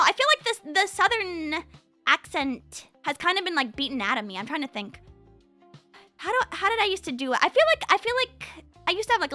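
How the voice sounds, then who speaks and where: A young woman streaming at home, chatting casually with her chat into a condenser mic, her voice swinging from high and excited to low and quiet.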